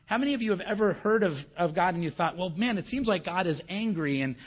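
A man's voice: sits high, animated, fast talker. A male pastor giving a conversational sermon who keeps asking the audience questions, on a dull recording.

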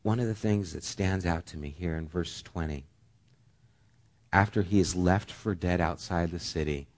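A middle-aged man preaching a sermon, earnest, rising to loud emphasis and dropping to hushed near-whispers. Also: sits low, moderate pace. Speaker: pastor.

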